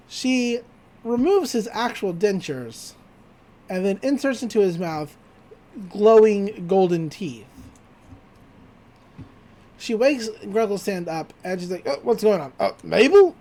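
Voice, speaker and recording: With a mid-range voice, a podcast host casually recaps a cartoon episode, telling it in an animated way and laughing often.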